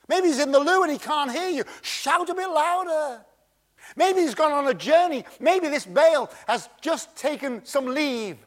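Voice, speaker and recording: A man's voice: extremely high pitch, a bit bright, pitched above the performer's own voice. A man acting out a mocking prophet who taunts his rivals in a teasing, sarcastic way during a sermon. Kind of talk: dramatized sermon retelling.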